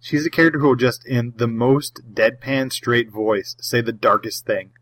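A man's voice: mid-range voice, moderate pace. A young man co-hosting a casual comics podcast, joking and acting out lines as he talks. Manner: joking, lively, acts out quotes. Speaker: podcast co-host.

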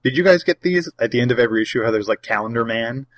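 A young man leads a relaxed comics podcast, teasing his friends and acting out quotes. His pitch moves around a lot as he talks. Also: racing. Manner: joking, lively, acts out quotes. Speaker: podcast co-host. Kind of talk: casual comics discussion.

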